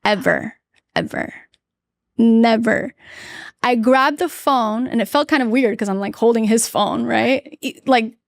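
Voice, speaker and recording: A woman guest earnestly telling a personal story in a podcast interview, halting often with restarts and fillers. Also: on the high side, vocal fry, no room sound, studio quality.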